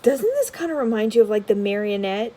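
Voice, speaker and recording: A woman vlogger giving casual unboxing commentary, rambling with many filler words and dropping into soft, half-murmured asides. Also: fairly high pitch, lively intonation, brisk, poor audio. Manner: drops to a soft whisper at times. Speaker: tarot vlogger.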